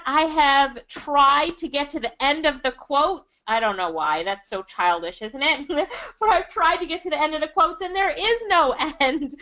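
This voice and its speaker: A high, bright-toned woman with a Jamaican accent talks through a screen-share lesson in an enthusiastic, chatty way. The audio is a little dull and lo-fi, like a computer mic. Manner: enthusiastic, chatty, laughs often. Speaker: online income instructor.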